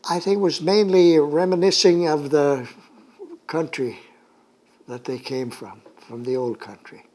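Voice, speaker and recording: An older man from the United States giving an oral history interview, recalling his childhood at a halting pace with many fillers. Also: fairly high pitch, a little mellow.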